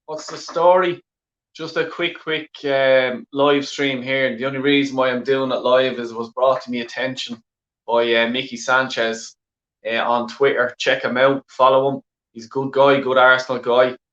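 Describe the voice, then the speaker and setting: A man's voice: medium pitch, level tone, moderate pace, fairly bright tone, echoey room, lo-fi sound. An Irish man ranting angrily on a live stream as a football fan, swearing constantly and repeating himself. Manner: heavy swearing, exasperated, repetitive filler phrases. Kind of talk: angry live-stream rant.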